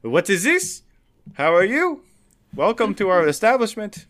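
A man voicing a fawning male innkeeper in a hammed-up fake French accent, high and loud. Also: very animated, unhurried, crowd noise.

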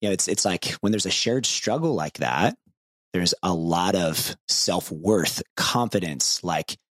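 A man's voice: deep voice, lively intonation, measured pace, a bit bright, dry recording, clean studio sound. A man in his thirties co-hosting a podcast, candid and easygoing, and laughing often. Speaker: podcast co-host. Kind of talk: casual podcast conversation.

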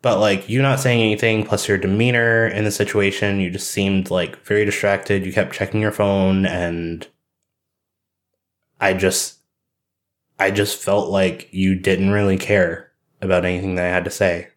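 A man playing Jordan, a hurt, halting young friend. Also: deep voice, flat delivery, close to an everyday voice. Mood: hurt, hesitant. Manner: hesitant, halting confession. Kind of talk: improvised role-play.

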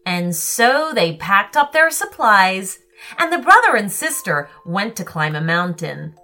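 A woman tells a children's story slowly and expressively, her pitch rising and falling widely. Her voice is bright and a little high, with soft music playing underneath. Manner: slow, expressive, animated. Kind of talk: scripted storybook narration.

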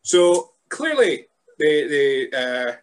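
Deadpan podcast host. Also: male voice, on the high side, very slow. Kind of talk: casual podcast chat.

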